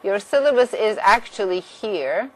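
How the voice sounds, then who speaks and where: A woman's voice: mid-range voice, lively intonation, unhurried, low-quality recording. A woman math instructor giving a course orientation lecture, direct and firm about deadlines.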